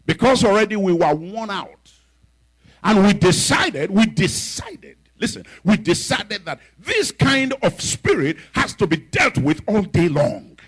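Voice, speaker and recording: Animated, husky male preacher. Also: high-pitched, unhurried. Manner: animated, acting out voices in his story. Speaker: bishop and preacher. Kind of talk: sermon storytelling.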